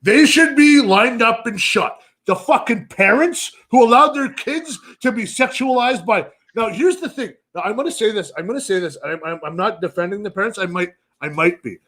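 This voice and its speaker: A man in his thirties co-hosting a podcast, ranting loudly with constant swearing and mock outrage. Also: high voice, expressive, moderate pace, few pauses. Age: 30s. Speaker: podcast co-host. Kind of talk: profane comedic rant.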